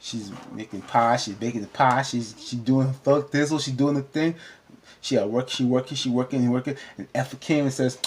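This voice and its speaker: A man recapping a TV episode in a casual, animated, rambling way, often cutting himself off, with features. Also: mid-range voice, brisk. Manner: animated, rambling, self-interrupting. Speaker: TV recap vlogger. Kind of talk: casual chat.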